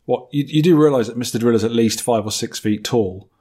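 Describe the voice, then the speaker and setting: A man's voice: medium pitch, a little fast, warm tone. A man hosting a casual podcast, quizzing his co-host with teasing remarks and reading out listener mail. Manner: teasing quizmaster, reads listener mail aloud.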